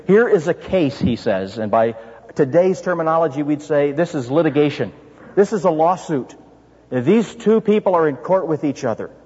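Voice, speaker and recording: A man with a slightly high, husky voice preaches an expository sermon, pressing his point with rhetorical questions and the odd restart. The sound is dull and lo-fi, with a long reverb trailing behind him as in a large sanctuary. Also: darkish tone. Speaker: pastor.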